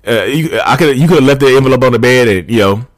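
Speaking quickly at medium pitch, this podcast host gives advice directly to his audience, looping back over points in a relaxed, chatty style. The recording is studio-clean, without any room sound.

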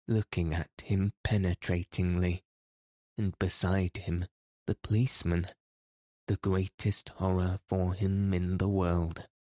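A man narrates an audiobook with a very deep, mellow voice. He reads slowly and evenly. The recording is dry and close. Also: no room sound.

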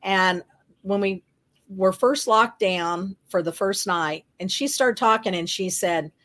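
A woman's voice: medium pitch, takes it slowly, fairly bright tone. A middle-aged woman, an author, telling her story earnestly and reflectively as a guest in a podcast interview.

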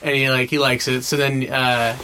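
A man's voice: medium pitch, little pitch movement, moderate pace, sharp tone, clean tone. A man hosting an interview podcast, asking questions hesitantly and restarting them. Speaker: host.

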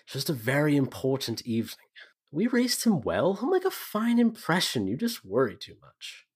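A man's voice: fairly high pitch, huge pitch swings, moderate pace, breathy edge, pitched above the performer's own voice, exaggerated voice. A man voicing a stern aristocratic father in a tabletop role-playing game, curt at first and then fondly reassuring.

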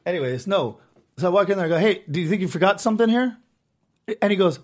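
A young man co-hosting a podcast, telling a profane, animated story full of acted quotes. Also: high-pitched, quick pace. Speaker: podcast co-host. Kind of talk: casual storytelling chat.

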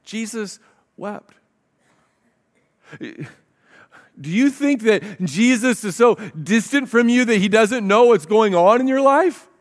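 A man delivers a sermon in a fairly high voice, earnest and direct. He reads scripture aloud between his points and often repeats a word as he restarts a sentence. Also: animated, slow pace. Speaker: pastor.

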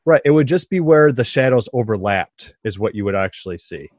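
A man's voice: fairly low pitch, expressive, fairly quick, darkish tone, dry recording. A man co-hosting a casual group podcast chat, talking in a chatty way and asking the group questions.

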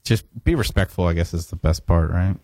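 A deep-voiced man who is a touring musician guest, telling road stories in a candid, relaxed way. His voice is dry and close to the mic, with no room echo. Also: a little fast. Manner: relaxed, candid storyteller, swears casually. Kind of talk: casual radio interview. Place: radio studio.

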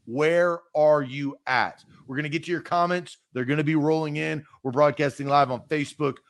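A man hosting a live sports talk stream in a quick, conversational way. His voice sits a bit high for a man, and he runs through viewer comments in rapid bursts. The delivery stays loose and chatty. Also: steady tone, creaky. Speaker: sports show host.

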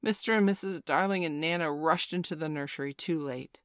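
Low-voiced woman reading a storybook. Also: no room sound, clean studio sound. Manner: measured, gently playful storyteller. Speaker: narrator.

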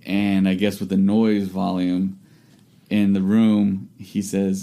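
Brief: male co-host, lowish dark voice, relaxed explainer. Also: takes it slowly. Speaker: podcast co-host. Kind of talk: casual chat.

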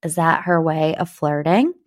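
A young woman from Northeast Ohio hosting a podcast, chatting about pop culture in a gossipy, animated way. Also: sits low, unhurried. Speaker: podcast host. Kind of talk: casual pop-culture chat.

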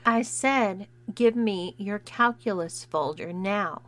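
A woman's voice: mid-range voice, lively intonation, unhurried, fairly bright tone. A woman voicing a smug, mocking teenage girl bully in a story reading. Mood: smug teasing. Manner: smug, teasing.

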